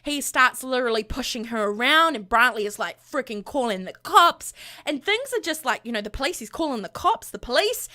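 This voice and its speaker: A woman gaming vlogger animatedly retelling her game household's drama in a casual, gossipy way. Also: high voice. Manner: animated, gossipy, full of fillers.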